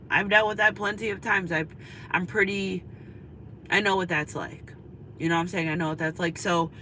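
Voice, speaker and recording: Bright, emphatic woman giving spiritual advice. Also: mid-range voice, a little hiss or hum, low-quality recording. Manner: preachy, repetitive, emphatic. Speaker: spiritual reader. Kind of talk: casual spiritual pep talk to camera.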